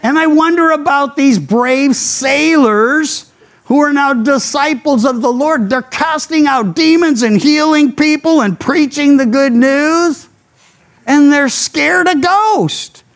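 A man's voice: very high voice, takes it slowly. A man preaching a radio sermon, teaching through a Bible passage in a conversational, folksy storytelling way with casual asides. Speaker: pastor.

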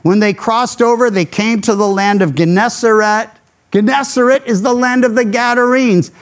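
A man's voice: high voice, normal speed. A man preaching a radio sermon, teaching through a Bible passage in a conversational, folksy storytelling way with casual asides. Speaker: pastor.

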